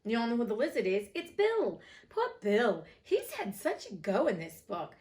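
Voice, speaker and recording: A woman's voice: a little high, wildly swooping pitch, moderate pace, darkish tone. Female podcast host, chatty, self-deprecating, casual asides between readings. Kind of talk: casual chat and audiobook reading.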